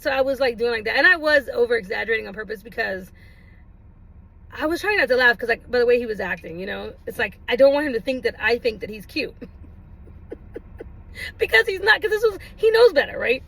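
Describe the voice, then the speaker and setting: A woman with a high, bright voice tells a casual personal story to the camera. She laughs often and swings into big, exaggerated exclamations when she acts out what was said. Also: expressive, a little fast, poor audio. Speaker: vlogger.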